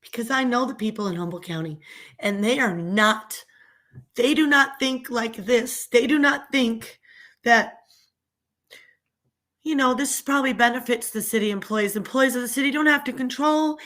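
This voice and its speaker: A woman's voice: fairly high pitch, fairly bright tone. A woman ranting angrily on a live stream, upset and indignant, repeating herself. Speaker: vlogger. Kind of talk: emotional live stream rant.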